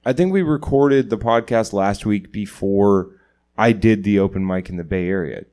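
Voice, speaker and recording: A man's voice: fairly low pitch, moderate pace, mellow. A young man co-hosting a casual podcast, telling stories and acting out the quotes with laughs. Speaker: podcast co-host, comedian.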